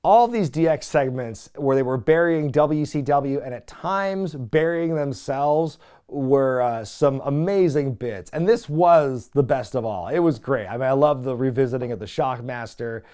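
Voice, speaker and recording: A man hosting a casual wrestling recap, talking in an animated, chatty way with lots of filler words. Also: mid-range voice, unhurried, smooth. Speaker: wrestling recap podcast host.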